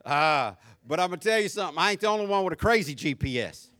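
A man's voice: high-pitched, animated, quick pace, sharp tone. A middle-aged man with a Southern US accent, preaching a sermon as a pastor and telling humorous stories to his congregation.

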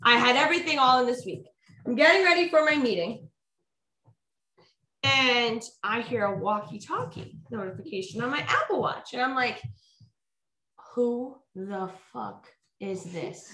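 A woman, a teacher and podcast guest, chatting and telling stories in an animated way. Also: a little high, normal speed. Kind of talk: casual podcast chat. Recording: roomy echo.

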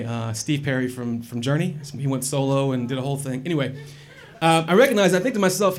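A man telling a personal story in a wry, animated and profane way. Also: mid-range voice, brisk, hardly any pauses. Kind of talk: personal story told to an audience.

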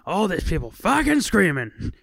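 A podcast co-host putting on a boastful impression of a famous male film actor, loud and crude. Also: medium pitch, wildly swooping pitch, moderate pace, creaky, dry recording, clean studio sound, voice pushed up, full character voice. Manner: loud, swaggering, crude bragging.

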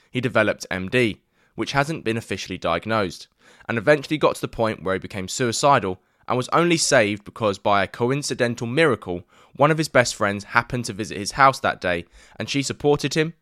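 A man's voice: medium pitch, animated, a little fast, fairly bright tone, dry recording. Chatty man hosting a podcast. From East London. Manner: chatty, matey banter. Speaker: podcast host. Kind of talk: podcast interview. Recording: dry remote podcast recording.

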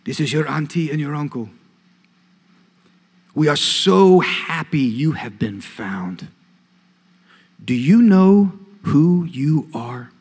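A man quoting a West African aunt welcoming her lost niece, speaking slowly and formally with a West African accent. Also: a little high, expressive, darkish tone, slightly rough, heavily acted. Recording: long hall reverb.

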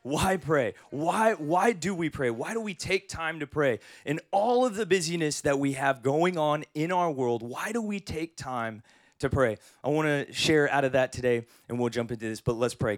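A man in his thirties preaching a sermon as pastor, telling humorous stories in an animated way. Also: fairly high pitch, moderate pace, no echo, studio quality.

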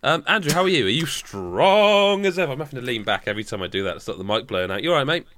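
A man's voice: lowish voice, very animated, racing, pushed and bright, slight background noise. A man hosting a podcast in a casual, joking chat, reading out rankings. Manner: joking, reads out food rankings. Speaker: podcast host.

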